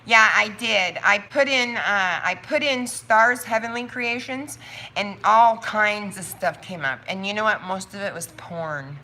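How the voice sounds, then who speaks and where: A woman hosts her own live stream in a loose, chatty way. She thinks out loud, drifts into quick asides and laughs easily. Her voice is bright and clear, at a middling pitch for a woman. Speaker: soap maker hosting a live stream. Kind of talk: casual livestream chat.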